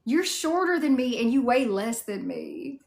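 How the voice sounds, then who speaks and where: A Southern US woman rambles through a relaxed livestream chat, answering her viewers one comment at a time with a steady stream of "like" fillers. Her voice has a gravelly fry to it. The sound carries a roomy echo. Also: a little high, unhurried.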